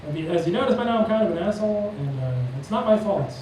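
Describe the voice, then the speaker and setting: A brash, profane young man works through a stand-up set on a comedy club stage, his voice sitting a bit high for a man. The sound comes from a distance through a very echoey room with faint noise behind it. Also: animated, quick pace. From New Jersey. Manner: brash, profane, acts out both sides of text chats in raised voices.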